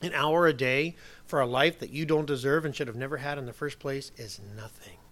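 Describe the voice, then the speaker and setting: A man preaching a sermon as pastor, emphatic, moving from soft asides to loud declarations. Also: medium pitch, fairly quick.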